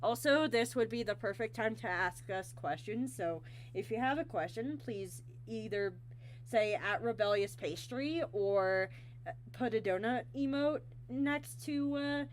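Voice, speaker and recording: Slow halting woman streamer. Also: fairly high pitch, a little hiss or hum. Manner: slow, halting, many fillers, giggly. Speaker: stream host. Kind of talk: casual interview on a livestream.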